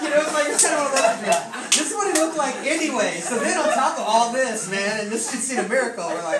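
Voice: medium pitch, fast, few pauses, a loud crowd. Preacher rambling through a funny story, laughs a lot, sounds far off in a big echoey room with noise behind. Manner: animated, laughing, many fillers. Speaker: pastor. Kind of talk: storytelling sermon. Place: church hall with congregation. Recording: echoey hall, distant, noisy.

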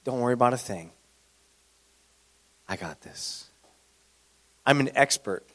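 A man voicing a scheming, manipulative queen, speaking in a hushed, coaxing way. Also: fairly high pitch, big pitch swings, unhurried. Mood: sly confident.

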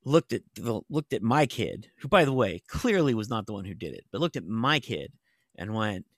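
A middle-aged TV writer and novelist with a lowish voice gets very animated as he rambles through stories in casual talk. He speaks at a normal speed, with plenty of "like" fillers and the odd curse, and the studio-quality sound has no echo.

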